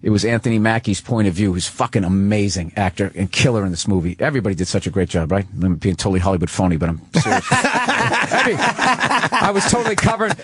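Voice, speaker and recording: A man's voice: lowish voice, animated, fast, fairly bright tone, husky, dry recording, studio quality. A man with a Boston accent in his forties, a comedian guest telling rambling, profane, self-mocking stories on a radio talk show.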